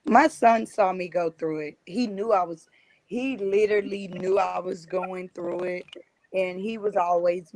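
A woman's voice: fairly low pitch, fairly even intonation, a little slow, darkish tone, no room sound, rough recording. A woman guest on a talk show, earnestly recounting a personal experience and often repeating herself. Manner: earnest, repetitive storytelling.

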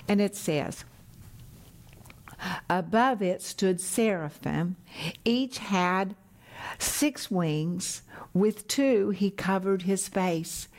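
A middle-aged woman delivering a sermon in a slow, unhurried cadence. Her voice sits a little low, and she repeats her phrases with earnest conviction. Now and then she drops into a soft, hushed whisper to press a point home. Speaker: Bible teacher.

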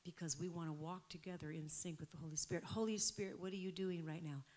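A woman in her fifties preaching a sermon, animated and laughing, moving between soft whispered prayer and loud exclamations. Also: lowish voice, fast. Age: 50s.

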